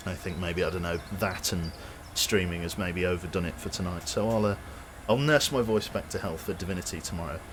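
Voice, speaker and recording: Brummie guy signing off his game stream, low voice, worn out and strained, faint hum behind. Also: brisk, hardly any pauses. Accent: Brummie (Birmingham). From Birmingham, England. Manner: rambling, self-interrupting, chuckles often. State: tired, strained voice close to giving out. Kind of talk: casual stream sign-off chat.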